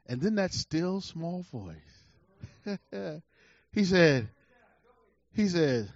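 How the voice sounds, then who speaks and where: A middle-aged male preacher with a high voice tells a personal story in his sermon. He is emphatic and swings from loud bursts to quiet asides. The sound is dry, dull and lo-fi. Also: very animated, a little slow, no room sound. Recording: dull lo-fi recording.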